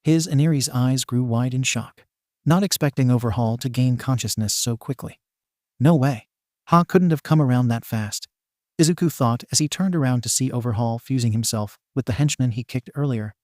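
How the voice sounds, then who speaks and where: A man narrates a fan fiction story in a plain, steady reading voice. His pitch sits in the middle range, and the recording is dry and close with no room sound. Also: a little fast, no room sound.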